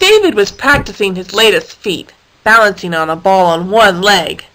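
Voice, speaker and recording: A woman reading a children's story aloud in a playful, animated way with sound effects. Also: medium pitch, moderate pace, poor audio.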